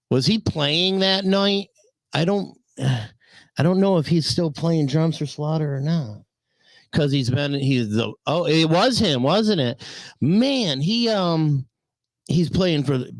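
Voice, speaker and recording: A man's voice: on the high side, no room sound. Chatty male talk-show host, dry sound. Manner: chatty, loose, greets viewers, swears casually. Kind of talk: casual live-stream talk show.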